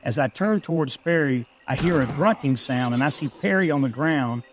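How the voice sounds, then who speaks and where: A man reading a scripted first-person story in a steady, measured way. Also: on the high side, background noise.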